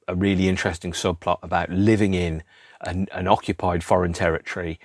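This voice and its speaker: A man's voice: low voice, little pitch movement, a little fast, darkish tone, no echo, studio quality. A middle-aged man, rambling through an unscripted solo podcast in a wry, self-deprecating way. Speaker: podcast host.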